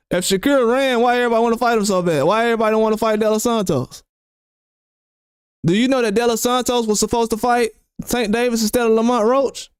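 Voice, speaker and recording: Man, high pitched, smooth clear voice, dry close sound, heated boxing commentary, rhetorical questions. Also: no room sound. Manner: animated, repeats himself, rhetorical questions.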